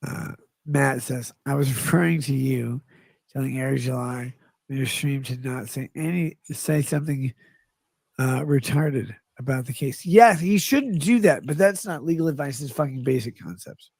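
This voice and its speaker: A man's voice: medium pitch, moderate pace, vocal fry, a little mellow, husky, no room sound. A man rambling loosely through a livestream as he reads chat messages aloud, swearing and drifting off topic in a drunken manner.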